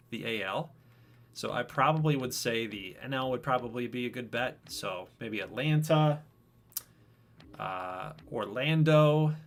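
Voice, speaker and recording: A man's voice: medium pitch, a bit bright. A man casually hosting a baseball video game franchise livestream, chatting with viewers by name. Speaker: host of a franchise stream.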